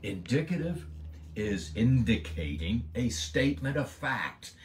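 A man's voice: mid-range voice, very animated, a little slow. A man giving an earnest devotional Bible lesson, stressing key words with emphasis. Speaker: Bible teacher.

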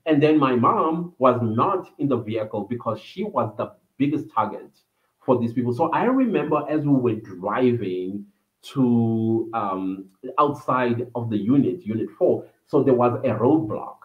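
Male vlogger telling a story, mid-pitched, rambling, tinny phone-like sound in an echoey room. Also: animated, unhurried. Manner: reminiscing, meandering with fillers. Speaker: vlogger hosting a livestream. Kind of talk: personal storytelling.

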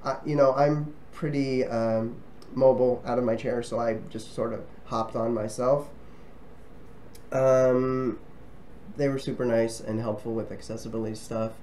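A man of ordinary middle pitch chats easily to his viewers in a relaxed vlog. He rambles and restarts his sentences, with many ums along the way. A faint hum of ambient noise sits behind him. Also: measured pace. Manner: friendly and chatty. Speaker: travel vlogger. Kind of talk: casual talk to camera.

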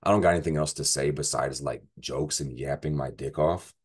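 A man's voice: rumbling low, fairly quick, slightly rough. A man giving a casual astrology forecast, profane and rambling, joking as he goes through the week. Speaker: astrology vlogger.

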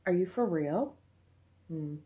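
A woman's voice: lowish voice, animated, slow pace, dark tone, slightly rough, dull audio. A woman, chatting casually to the camera in a vlog and laughing often. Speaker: vlogger.

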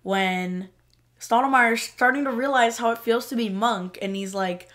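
A woman's voice: fairly high pitch, a little slow, fairly bright tone. A woman co-hosting a podcast, recounting favorite TV scenes in casual chat and acting out characters' quotes. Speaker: podcast co-host. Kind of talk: casual chat recapping TV episodes.

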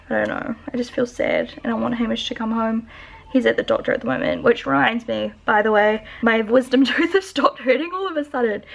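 Twenty-something New woman vlogging at home; chatty, filler-heavy, a bit high with vocal fry. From New Zealand. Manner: chatty, lots of "like" fillers, talks to her dog. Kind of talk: casual daily vlog chat. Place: home, indoors.

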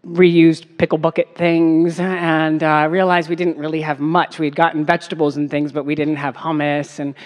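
A woman's voice: low voice, normal speed, few pauses. Chatty woman telling a story in reverb. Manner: animated, many fillers and likes, breaks into laughs. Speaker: activist speaker. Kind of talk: personal storytelling. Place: music festival stage. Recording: long reverb of a big space.

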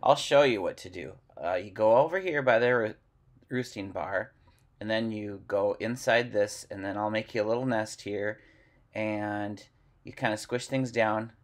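A man voicing a fussy, bossy hen who coaches a younger hen, in a soft, hushed voice. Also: fairly low pitch, measured pace, lightly acted.

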